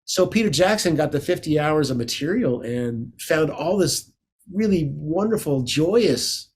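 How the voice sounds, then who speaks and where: Man, from the United States, guitarist guest, slightly high voice, enthusiastic, rambling, casual interview. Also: expressive, unhurried, slightly rough.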